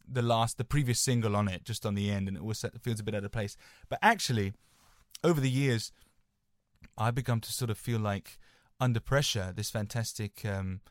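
A man's voice: mid-range voice, no room sound, studio quality. A young man co-hosting a podcast, chatting casually and rambling through anecdotes with lots of "sort of" hedges. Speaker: podcast co-host.

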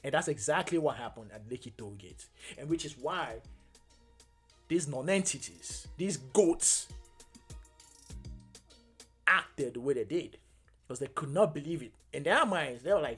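A young adult man hosting a casual solo podcast, earnest and halting, with many fillers and restarts. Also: fairly high pitch, lively intonation, a bit bright, faint music behind. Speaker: podcast host.

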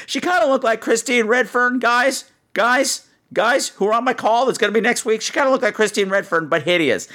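A man hosting a podcast, telling a funny story with animated, exaggerated delivery and quick asides. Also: very high voice. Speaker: podcast host. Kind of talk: comic storytelling.

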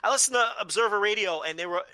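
A co-host of a casual wrestling podcast, this man speaks in a high, sharp voice at a very fast pace with no echo. He tells stories frankly, swears freely and restarts sentences by repeating words.

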